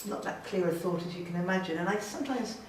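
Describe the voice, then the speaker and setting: A woman's voice: on the low side, fast, distant mic, slight background noise. A woman artist giving an informal, enthusiastic gallery talk to an audience, chatty and self-deprecating. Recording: very echoey room, voice from afar.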